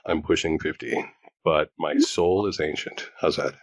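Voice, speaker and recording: A man's voice: very deep voice, fairly even intonation, measured pace, dry recording. A man in his forties hosting a casual chat, talking in a rambling, joking way. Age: 40s. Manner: chatty, rambling, self-joking. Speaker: host.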